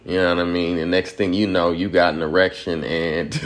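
A man's voice: low-pitched, moderate pace. A man from Georgia, giving a loose, profane commentary monologue and laughing at his own points.

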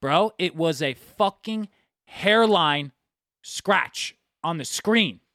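Animated young man telling a story. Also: fairly high pitch, slow pace, no echo, studio quality. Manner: animated storyteller, swears freely. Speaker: podcast co-host. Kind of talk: casual chat.

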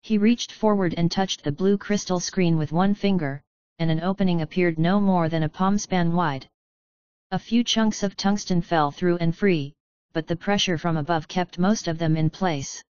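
A woman narrating an audiobook in a steady, even reading manner. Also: lowish voice, normal speed, dry recording, muffled recording.

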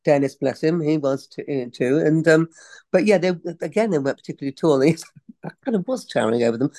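A woman's voice: low voice, quick pace, mellow, no room sound. Female, 60s, English actress guest; chatty, tangent-prone, giggly, dry sound. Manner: chatty, digressive, laughs often. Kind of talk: casual interview chat.

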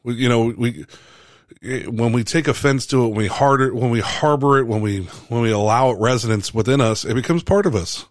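A man, a pastor, giving a casual church talk in a relaxed way, halting often with fillers and restarts. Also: medium pitch, no room sound, clean studio sound.

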